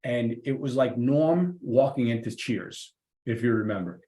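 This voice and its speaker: Middle-aged man, lively storyteller, mid-pitched voice, roomy echo on the track. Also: measured pace. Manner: lively, acts out the people in his stories. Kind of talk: casual anecdotal storytelling. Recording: roomy echoey room.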